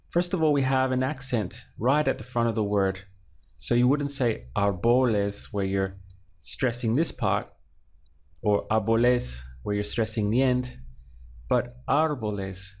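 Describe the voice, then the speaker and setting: A man teaching a language lesson, explaining patiently, slowing down and repeating each word. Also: medium pitch, a little mellow. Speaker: Spanish teacher.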